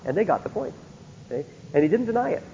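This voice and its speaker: A man's voice: high-pitched, very animated, fast talker, vocal fry, warm tone, a little hiss or hum. A man teaching a Bible lecture, often stopping to ask his listeners rhetorical questions to check they follow. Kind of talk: recorded theology lecture. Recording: dull lo-fi recording in a reverberant hall.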